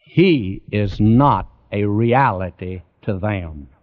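A man's voice: on the low side, lively intonation, takes it slowly. Male preacher, earnest, direct address, dull lo-fi recording. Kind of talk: radio Bible sermon.

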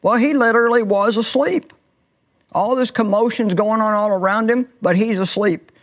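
A woman's voice: a little high, normal speed. A woman preaching a sermon in an earnest way, stretching words out for emphasis.

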